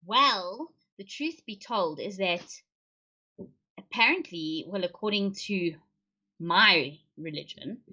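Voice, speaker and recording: On her livestream, a woman speaks slowly and expressively in a medium-pitched voice with a sharp tone. She keeps things casual with viewers, often joking and laughing, though the stream audio sounds dull and lo-fi.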